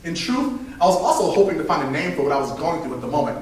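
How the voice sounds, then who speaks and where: A man in his thirties telling a personal story live at an open mic, animated and laughing between lines, recorded from a distance in a very echoey room. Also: a little high, fast. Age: 30s. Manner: animated, laughing between punchlines, acting out voices.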